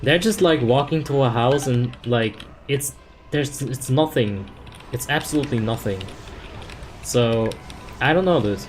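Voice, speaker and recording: A young man narrates a game in a relaxed, rambling way, full of fillers as he explains tactics and answers chat. His voice sits in a middle pitch. Faint keyboard typing and noise run underneath. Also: measured pace. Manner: laid-back, filler-heavy, explains tactics. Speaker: game streamer. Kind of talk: casual gaming commentary, reading chat.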